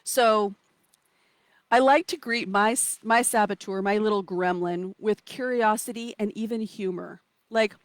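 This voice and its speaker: With an unhurried, mid-range voice, a woman runs an outdoor live online coaching session. She's playful and warm, encouraging people, reading comments from the chat and acting out inner voices. There's no echo.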